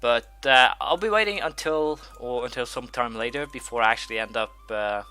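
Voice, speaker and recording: A man's voice: mid-range voice, moderate pace, pushed and bright, slight background noise. A man hosting a strategy-game let's play, thinking aloud with many fillers and restarts while he has the hiccups. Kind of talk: gameplay commentary.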